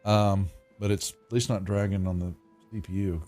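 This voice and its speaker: A man's voice: low-pitched, fairly even intonation, moderate pace, a little mellow, soft background music. A man running a tabletop game online as game master, narrating casually and often breaking off mid-sentence. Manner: rambling, self-interrupting, casual.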